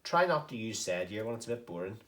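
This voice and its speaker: A man's voice: on the low side, very animated, fast talker, fairly bright tone. A man teaching a recorded writing lesson to young pupils, explaining step by step and encouraging them. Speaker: primary school teacher. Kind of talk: recorded home-learning lesson.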